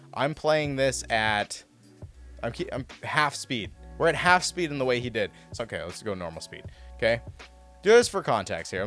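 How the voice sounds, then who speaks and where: Male host, raised pitch, animated and rambling, talks over clips with faint music underneath. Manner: excitable, rambling, frequent "like" and restarts. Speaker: host breaking down baseball clips. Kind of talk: casual commentary over replay footage.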